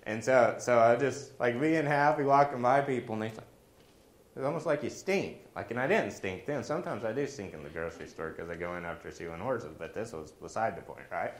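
A man, a pastor, preaching in a storytelling way with animated delivery and jokey asides. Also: mid-range voice, fairly quick, echoey room. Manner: animated, jokey asides, acts out quoted voices. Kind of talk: storytelling sermon.

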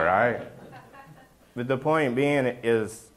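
A man's voice: medium pitch, sing-song, takes it slowly, long pauses, a bit bright. A middle-aged man giving a casual, joking sermon as a pastor, often checking in with the congregation by asking "right?".

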